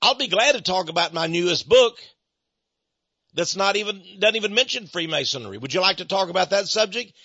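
Male speaker, American, dry husky delivery, plays every character in his anecdotes. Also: high-pitched, a little fast, no echo. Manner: animated, acts out both sides of conversations. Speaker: Christian speaker on Freemasonry. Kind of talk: storytelling sermon talk. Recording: dull muffled lo-fi recording.

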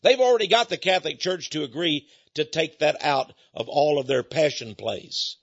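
A man's voice: fairly high pitch, moderate pace, no echo. A man preaching an emphatic, repetitive monologue that speaks directly to his listeners. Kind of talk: radio-style sermon monologue. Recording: dull, muffled dry recording.

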